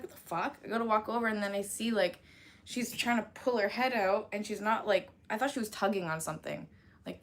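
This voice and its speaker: Laughing, swearing woman streamer. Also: mid-range voice. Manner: rambling and laughing, swears freely, lots of fillers. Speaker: livestream host. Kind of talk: casual chat to a live chat.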